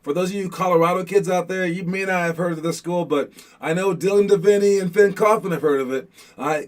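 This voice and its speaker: A young man hosting a basketball show in a casual motivational talk, rambling with many restarts and frequent "all right?" check-ins. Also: fairly high pitch. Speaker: host of a youth basketball show.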